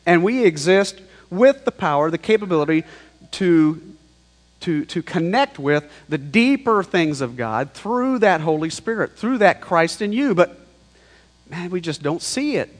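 A man's voice: sits high, animated, a little slow. A man preaching a sermon in a conversational, emphatic way, mixing scripture with slangy paraphrase. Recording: long hall reverb.

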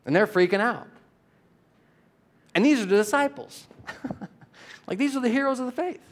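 A male pastor preaching a sermon, animated, swinging between loud exhortation and quiet asides and laughing often. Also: very high voice, normal speed.

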